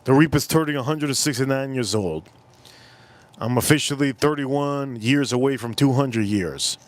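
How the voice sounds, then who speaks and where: A man in his forties hosting a casual live stream, telling a rambling story and repeating himself. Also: normal speed. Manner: rambling, repeats himself, jumps into loud high-pitched impressions. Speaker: livestream host.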